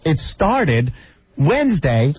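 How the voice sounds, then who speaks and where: A man's voice: on the high side, big pitch swings, takes it slowly, breathy edge, dry recording. A man co-hosting a radio show, telling comic stories in an exasperated, laughing way. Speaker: radio co-host. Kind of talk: radio banter, comic storytelling. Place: radio studio. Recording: slightly muffled radio broadcast recording.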